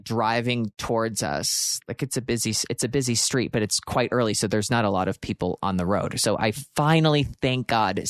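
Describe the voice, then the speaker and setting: A man from Pennsylvania, likely in his thirties, hosting a podcast and telling a story in an animated way, with sudden jumps into exaggerated quotes. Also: medium pitch, dry recording, studio quality. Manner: expressive, swearing, jumps into shouted quotes. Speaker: podcast host.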